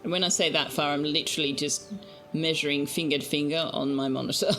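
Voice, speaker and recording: A woman's voice: sits low, steady tone, fairly quick, a bit bright, soft background music. A woman streamer in a casual live-stream chat, teasing her viewers and cooing at her cat, speaking into a desk microphone at home. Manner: chatty, teasing, talks to her cat in baby talk.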